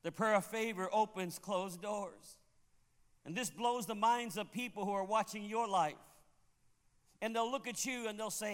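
High-voiced preacher in a reverberant hall. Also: male voice, normal speed, clean tone. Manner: emphatic preaching, rising to loud exclamations. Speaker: pastor. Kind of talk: sermon.

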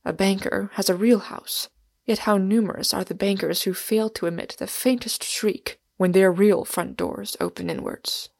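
A woman reading a big wistful englishman, soft and earnest, gravelly edge, dry close sound. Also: medium pitch, steady tone, moderate pace, no room sound. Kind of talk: audiobook character reading.

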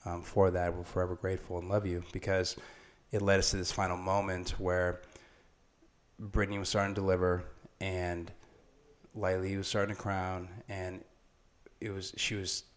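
A man's voice: low-pitched, little pitch movement, moderate pace, long pauses. A man telling an emotional birth story in casual conversation, acting out what people said. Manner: emotional storytelling, acts out quotes. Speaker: father, guest. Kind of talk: casual podcast chat.

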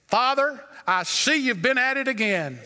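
A man voicing an indignant older male baron who owns an estate, raising his pitch for the part. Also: expressive, measured pace, bright, forceful tone, smooth, in a large hall, exaggerated voice. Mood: stern.

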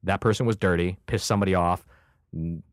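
Male comic guest, animated raconteur, slightly low pitch, tight dry studio mic. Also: brisk, dry recording. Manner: swears freely, acts out other people's lines. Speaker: guest comedian and combat veteran. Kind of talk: animated storytelling in a conversation. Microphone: studio microphone.

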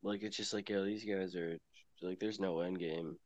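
A man co-hosting a film podcast, speaking in a relaxed way with trailing sentences. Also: deep voice, normal speed, no room sound, highs cut off. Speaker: podcast co-host. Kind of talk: casual film discussion.

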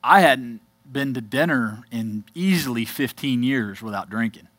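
A man preaching to a congregation, telling his own story with earnest emphasis and quiet asides. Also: mid-range voice, lively intonation, unhurried, breathy edge, dry recording. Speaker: church speaker giving a testimony. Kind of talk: testimony sermon.

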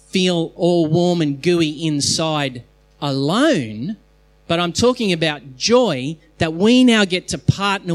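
A pastor preaching a sermon to his congregation, emphatic, with quick bursts of speech and slow stressed phrases, sometimes restarting mid-sentence. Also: high voice. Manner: restarts and trips over phrases mid-thought. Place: church hall, in front of a congregation.

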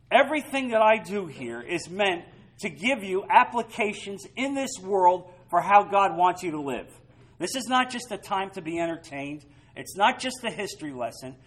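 A man preaching a sermon as pastor, emphatic, swinging between loud stresses and quiet asides. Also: high-pitched, low-quality recording.

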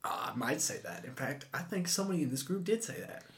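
A cocky, joking young adventurer, as a player puts him on in a tabletop game. His put-on accent keeps shifting, and his pitch leaps up and down wildly. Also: very animated, fast, reverberant, a little hiss or hum, lightly acted. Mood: cheeky.

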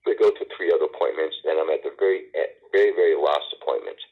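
A middle-aged man telling stories as an interview guest, halting with many restarts and fillers, and a wry sense of humor. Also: very deep voice, husky. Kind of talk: casual storytelling conversation. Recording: tinny phone line.

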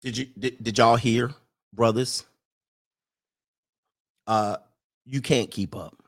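A man hosting a casual livestream, reading viewer messages aloud and answering in an animated, joking way. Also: medium pitch, slow. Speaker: livestream host reading super chats.

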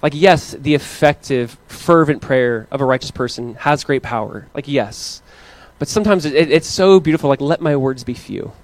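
A man in his thirties preaching a casual, story-driven sermon as pastor, animated and playful as he recounts family moments. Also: moderate pace, few pauses. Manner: animated storytelling, acting out his kids in high voices. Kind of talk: conversational sermon.

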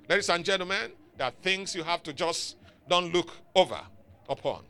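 A man's voice: high voice, animated, brisk, pushed and bright. A man preaching a sermon in a church, emphatic and exhorting, calling out to his congregation for responses. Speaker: pastor. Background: faint music from outside.

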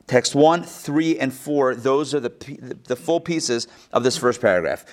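A teacher leads a class through a text study in an interactive discussion, joking animatedly, asking the group many questions and inviting theirs while an online audience follows along. His mid-range voice is unhurried, with few pauses.

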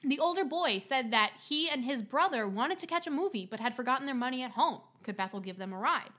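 A woman's voice: high-pitched, lively intonation, brisk, bright, forceful tone. A woman co-hosting a casual podcast, telling creepy stories with lots of laughter and swearing. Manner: giggly, swears freely, puts on voices in anecdotes. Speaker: podcast co-host.

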